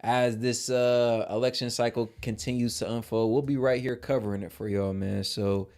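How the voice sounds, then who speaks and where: A man from Ohio with an Ohio accent co-hosting a casual livestream, hyping viewers with shout-outs and filling his talk with "man". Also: medium pitch, steady tone, moderate pace. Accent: American Midwest, Ohio. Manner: hypes viewers, frequent shout-outs, says "man" a lot. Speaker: livestream co-host.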